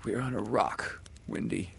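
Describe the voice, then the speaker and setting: A man's voice: fairly low pitch, unhurried, vocal fry, slight background noise, heavily acted. A man doing a weak, wounded boy hero. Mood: grave. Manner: faint, hushed, half whispered.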